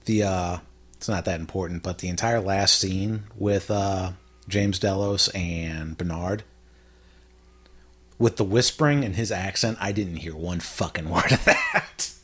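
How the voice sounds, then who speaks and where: A man's voice: deep voice, unhurried, a bit bright, husky. A man co-hosting a TV podcast in casual chat, rambling with stop-start phrasing. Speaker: podcast co-host.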